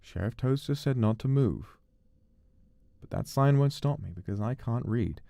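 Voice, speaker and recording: A man casually commentating a horror game on a livestream, joking around and slipping into silly voices and yells. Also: mid-range voice, animated, normal speed, vocal fry, no echo. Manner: playful, jokey, shifts into silly voices and yells. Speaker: streamer.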